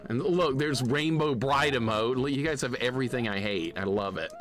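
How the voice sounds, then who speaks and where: A man live-streaming a retro game, excitable and jokingly grumpy as he rants at his chat. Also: mid-range voice, moderate pace, faint music behind. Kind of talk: casual live-stream commentary.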